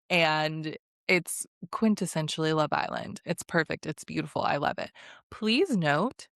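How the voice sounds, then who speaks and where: Chatty sarcastic young woman, low and dry. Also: smooth, no room sound. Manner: chatty and sarcastic, laughs often. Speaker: recap host. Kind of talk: casual reality TV recap vlog.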